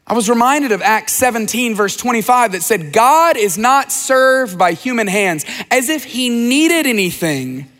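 Animated male pastor preaching in a reverberant hall. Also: sits high, moderate pace. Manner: animated preaching, rhetorical questions, voices the characters. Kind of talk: sermon. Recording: long reverb of a large hall.

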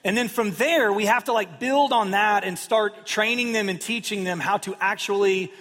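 Preaching at normal speed, a thirtysomething pastor keeps things easygoing, with self-deprecating humor and small acted-out quotes for his congregation. His fairly bright voice sits high for a man, and a long reverb makes it sound like a big sanctuary.

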